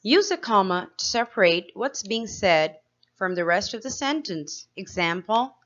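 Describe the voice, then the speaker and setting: A woman teacher giving a slow, clear grammar lesson to young pupils, asking them questions as she explains each step. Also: medium pitch, sing-song, fairly bright tone, lo-fi sound. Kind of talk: grade-school grammar lesson.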